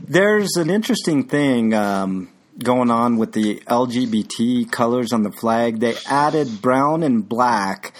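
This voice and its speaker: A man's voice: mid-range voice, slow, few pauses. A man hosts a loose podcast chat in a mid-range voice. He drawls, sighs and swears casually while reading viewer comments. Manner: laid-back, swears, sighs "oh, boy". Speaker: podcast host.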